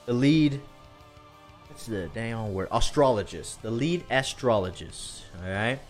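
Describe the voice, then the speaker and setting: A man, telling a story in a drawn-out country storytelling voice and often asking "all right?". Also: fairly low pitch, expressive, soft background music. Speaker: podcast co-host.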